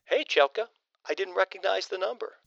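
A man voicing a wary, gently teasing young man in an audiobook. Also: high voice, a little fast, vocal fry, no echo, lo-fi sound, pitched above the performer's own voice.

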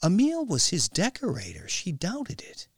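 A man reading an audiobook in a measured, even storytelling manner. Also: high-pitched, creaky, breathy edge, no echo, studio quality. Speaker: audiobook narrator. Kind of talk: scripted narration.

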